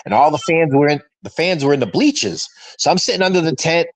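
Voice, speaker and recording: Animated storytelling man in his fifties. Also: a little high, fast talker, no echo, low-quality recording. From Massachusetts. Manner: animated storyteller who acts out quoted voices. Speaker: fan show co-host. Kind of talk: casual storytelling chat. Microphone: video call.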